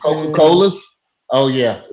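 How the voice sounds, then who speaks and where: A man speaking as a guest on a comedy panel show, laid-back and deadpan. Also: fairly high pitch, unhurried, crowd noise. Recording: muffled, roomy remote audio.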